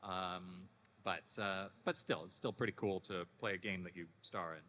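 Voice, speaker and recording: A man in his fifties, a voice actor guest at a panel, telling stories casually in a deepened, relaxed voice with frequent restarts. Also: moderate pace, slight background noise. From Canada. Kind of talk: casual anecdotal panel talk. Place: convention panel hall. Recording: echoey convention hall.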